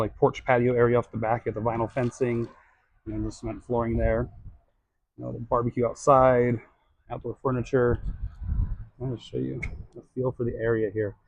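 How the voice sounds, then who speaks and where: A man films a walkthrough of a new house, holding the camera himself as he moves from room to room. He talks in a relaxed, chatty way, full of fillers and little self-corrections. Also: mid-range voice. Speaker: real estate vlogger. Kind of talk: casual home tour walkthrough. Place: inside a new house, walking through rooms. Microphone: handheld camera mic.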